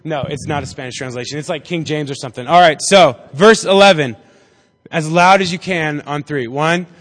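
A man's voice: a little high, moderate pace, a bit bright. A man giving a casual, joking Bible lesson to a group, acting out the people in the story as he goes. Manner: chatty and jokey, acting out voices in the story. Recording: reverberant hall.

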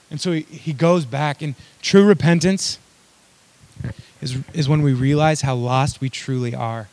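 A man's voice: fairly high pitch, unhurried, a little mellow. A young man preaching a sermon in a casual, conversational way, full of fillers and joking asides. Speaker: pastor.

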